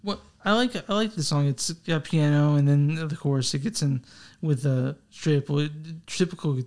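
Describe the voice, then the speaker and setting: A man's voice: fairly high pitch, normal speed, darkish tone. Rambling, swearing young man. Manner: rambling, swearing, self-deprecating. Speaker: podcast co-host. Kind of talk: casual chat.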